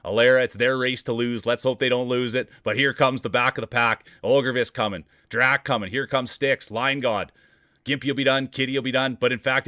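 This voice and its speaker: A man's voice: medium pitch, a little fast, bright, forceful tone, dry recording. A man commentating marble races on a live stream, greeting viewers by name and hyping up close finishes. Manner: upbeat, greets chat viewers by name, hypes race finishes.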